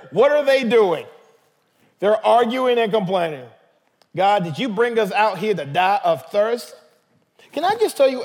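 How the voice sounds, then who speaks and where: High-voiced man preaching in a reverberant hall. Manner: conversational, emphatic preaching. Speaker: pastor. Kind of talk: sermon.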